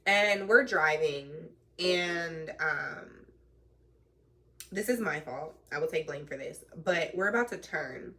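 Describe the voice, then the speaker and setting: A woman in a casual storytime vlog, chatty and animated, full of slang and the odd curse word. Her voice is bright and sits on the low side, and she sounds a little way back from the mic. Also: slow pace, distant mic. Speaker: truck driver in training.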